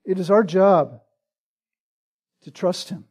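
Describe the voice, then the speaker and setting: Slow, high-voiced man preaching a sermon. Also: a little mellow, husky. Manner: earnest, rhetorical, frequent "right?" tag questions; slow and deliberate with emphatic repetition. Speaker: pastor. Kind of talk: expository sermon.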